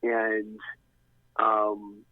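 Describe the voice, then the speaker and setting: A middle-aged man speaks in a low, completely flat voice, very slowly, over a tinny phone line with no echo. As a guest he tells a long, casual story that meanders and frequently restarts.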